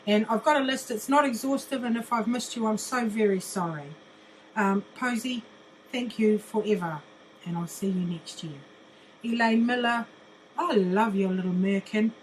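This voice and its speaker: A woman's voice: medium pitch, moderate pace, a little hiss or hum, low-quality recording. Blunt profane older New woman. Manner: blunt, mocking, swears constantly, laughs often. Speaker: vlogger. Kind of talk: profane ranting monologue.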